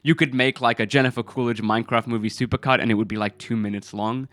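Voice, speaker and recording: A man's voice: mid-range voice, fairly even intonation, fast talker, a bit bright, no room sound. A man giving casual film commentary in a rambling, incredulous way, with many fillers. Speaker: film review video creator.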